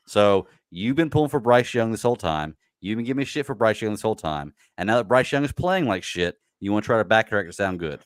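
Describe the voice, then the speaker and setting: A man's voice: lowish voice, clear, resonant tone, no echo, studio quality. A man co-hosting a sports podcast, bluntly ranting in casual chat. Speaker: podcast co-host.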